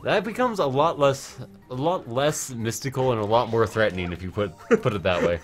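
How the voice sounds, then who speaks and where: A man's voice: medium pitch, lively intonation, fairly quick, soft background music. A man from France riffing and laughing while commenting on a video game with a friend. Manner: joking, giggly, riffing on quotes. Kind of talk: let's play commentary.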